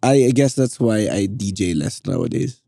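A man with a Filipino accent, a musician and DJ, chatting casually as a podcast guest in a relaxed, laid-back way. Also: lowish voice, moderate pace, no echo, studio quality. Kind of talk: casual podcast chat mixing Tagalog and English.

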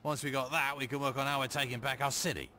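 A man's voice: medium pitch, fairly even intonation, fast talker, pushed and bright, slight background noise, natural voice. A man voicing a cocky British gang boss. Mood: businesslike.

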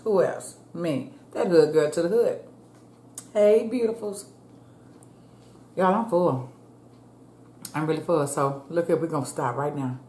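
A woman with a low, warm voice chats casually with her viewers while eating, calling them y'all, as a food vlogger. The room is echoey with faint ambience.

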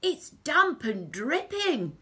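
A woman voicing a bumbling male thief who panics and exclaims loudly in a storybook reading. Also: sits high, sing-song, slow, pitched above the performer's own voice, full character voice. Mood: alarmed. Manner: exclaiming in a raised, strained voice.

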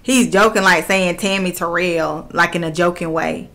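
Female spiritual medium, earnest and insistent; low-set, sharp-edged delivery. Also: fairly even intonation, normal speed. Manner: earnest, repeats phrases, relays messages. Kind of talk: channeling reading to camera.

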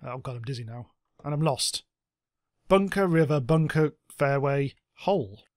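An excitable man gives casual let's-play commentary at a middling pitch, cursing freely and breaking into little sound effects. His voice sits dry and close, with almost no room around it. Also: measured pace, no echo. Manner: excitable, swears a lot, makes silly sound effects. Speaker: gameplay commentator.

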